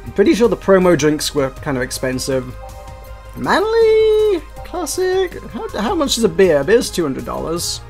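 A man with a slightly high voice thinking aloud as he plays through a game. He rambles, trails off and fills pauses with "um." Faint music runs quietly under his talk. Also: sing-song, gravelly. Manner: rambling, hesitant, many "um"s and self-corrections. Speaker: let's play host. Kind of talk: casual gameplay commentary.

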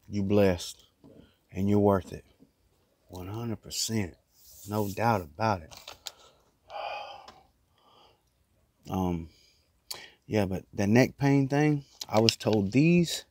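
A man's voice: fairly low pitch, slow, pauses often, mellow, slight background noise. A man vlogging casually from inside a small closet, rambling in a loose, chatty way while he eats. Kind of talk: casual mukbang chat.

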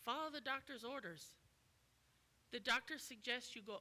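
Woman, guest preacher, sermon, forceful bright tone, emphatic and repetitive. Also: on the high side, moderate pace.

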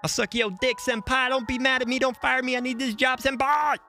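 A man's voice: very high-pitched, flat delivery, fairly quick, sharp tone, soft background music, voice pushed up, exaggerated voice. A man putting on a whiny, begging young barista. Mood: pleading. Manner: whiny, begging, over-apologetic. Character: pleading young male coffee shop worker.

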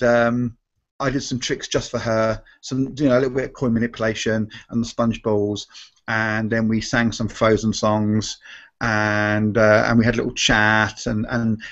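A man's voice: mid-range voice, flat delivery, normal speed, a bit bright. Male performer, chatty storyteller who trips over his words; muffled stream sound. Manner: rambling, self-correcting, acts out quoted voices. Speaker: restaurant magician and comedy performer. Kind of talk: casual live Q&A storytelling. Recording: dull lo-fi stream audio.

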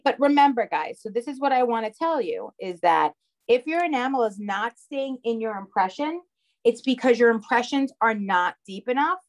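A woman with a heavy Long Island accent teaching a live online craft class, chatty and often checking in with her viewers. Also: fairly high pitch. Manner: chatty, checks in with "okay?" and "all right". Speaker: craft instructor.

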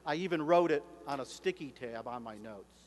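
A man in his sixties giving a formal commencement address as an author and speaker, measured and slowing down for emphasis. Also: medium pitch, lively intonation. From United States. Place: large hall. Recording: echoey hall, faint hum.

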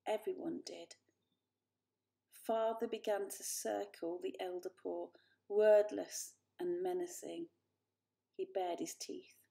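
A woman calmly reading a children's book aloud. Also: lowish voice, vocal fry. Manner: calm, measured narration. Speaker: storyteller.

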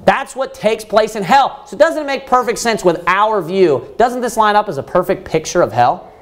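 Guy preaching a sermon, emphatic, keeps firing questions then answering them, reads old-style scripture slow. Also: sits high, animated. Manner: quotes scripture in old-fashioned wording, with long pauses.

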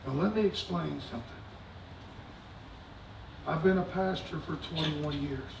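Male pastor, middle-aged, high and gravelly, preaching in a roomy sanctuary, mic at a distance. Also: a little slow, noisy background. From United States. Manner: swings from shouting to hushed, folksy preaching. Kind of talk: sermon. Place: church sanctuary. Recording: echoey church recorded from afar.

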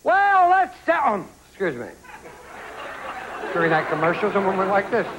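A man's voice: sits high, wildly swooping pitch, normal speed, highs cut off, some chatter behind, slight background noise. A man hosting a game show, bantering and punning with contestants in a television studio. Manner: joking, teasing contestants with puns. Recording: loud studio audience and ambience.

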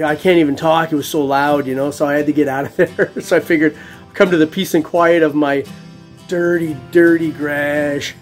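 A middle-aged man vlogging his metal detecting finds in a chatty, upbeat way, laughing often. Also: on the high side. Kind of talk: casual vlog talk to camera.

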